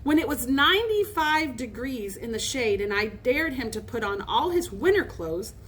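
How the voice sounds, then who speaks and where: An anxious young boy who frets and worries, as a woman reading aloud voices him. The pitch sits high and moves a lot. A faint room hum runs under it. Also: very animated, moderate pace, a bit bright. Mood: fretful. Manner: fretful.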